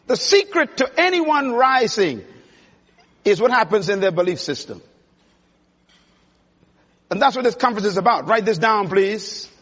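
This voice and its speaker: High-voiced man preaching belief. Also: big pitch swings, unhurried, pauses often, fairly bright tone, slightly rough. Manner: emphatic, preacherly, addressing the audience directly. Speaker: conference speaker. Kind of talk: motivational speech. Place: large conference hall. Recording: dull sound with long hall reverb.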